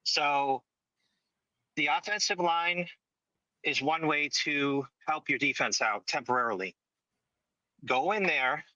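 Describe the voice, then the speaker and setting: Man, caller, lo-fi muffled line, bright edgy voice, emphatic. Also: medium pitch, no echo. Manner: emphatic, keeps asking "okay?". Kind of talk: phone-in opinion. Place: tent in a mine. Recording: dull lo-fi call audio.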